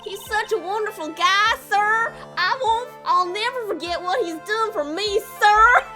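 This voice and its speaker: A woman's voice: very high-pitched, sing-song, a little fast. Woman playing a devoted tough-guy detective, shaky fake Brooklyn drifting cockney, game music behind. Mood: earnest. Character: loyal gruff male police detective.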